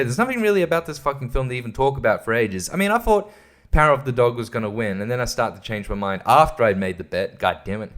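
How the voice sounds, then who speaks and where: Speaking quickly with lively intonation, a medium-pitched, fairly bright-toned podcast host delivers an exasperated, profane, rambling film review. He trips over his words and laughs between ideas in a casual way.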